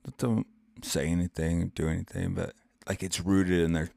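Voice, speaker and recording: A man's voice: deep voice, steady tone, normal speed, gravelly, mellow. A man co-hosting a podcast, reacting in casual chat with crude jokes. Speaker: podcast co-host.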